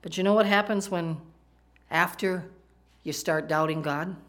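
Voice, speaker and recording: A woman's voice: on the low side, measured pace, a bit bright. A woman preaching a sermon, talking conversationally and asking the congregation questions. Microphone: microphone, PowerPoint slides in a church.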